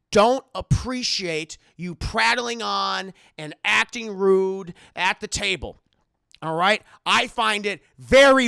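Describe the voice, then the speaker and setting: A man voicing a menacing, controlling middle-aged bunker owner who shouts and lectures, retelling a film scene. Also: high voice, gravelly, no echo, clean studio sound, exaggerated voice. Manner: shouting, domineering.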